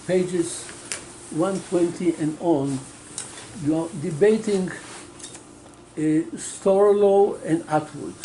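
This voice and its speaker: Man, audience member, probing questions, higher pitch, warm tone. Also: very slow, slight background noise, poor audio. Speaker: workshop participant. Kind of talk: question from the floor.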